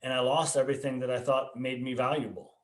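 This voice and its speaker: An earnest man in the role of a pastor, telling his own story in a mid-pitched voice. He speaks conversationally, often repeating words as he restarts. The room around him rings noticeably. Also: little pitch movement, fast talker. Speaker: pastor and podcast host. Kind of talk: personal testimony in casual conversation. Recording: echoey room.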